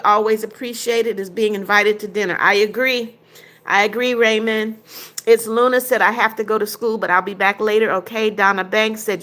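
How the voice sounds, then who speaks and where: A woman's voice: mid-range voice, bright, forceful tone. Older woman reading chat aloud. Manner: reads comments aloud and answers each one briefly. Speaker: livestream host reading chat comments. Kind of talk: casual live chat.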